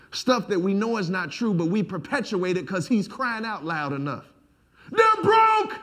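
A male pastor preaching a sermon, building from low talk to shouted lines and laughing as he goes.

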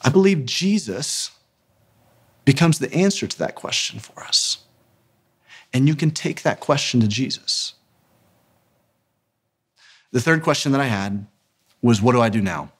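A man in his thirties giving an earnest, emphatic sermon-style talk as a ministry founder, slowing down to stress key words. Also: mid-range voice, lively intonation, a bit bright, breathy edge.

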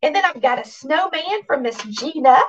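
A Southern woman hosting a cooking channel, chatting casually and excitedly to her viewers as she reads their cards aloud. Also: high-pitched, normal speed, far from the mic, highs cut off.

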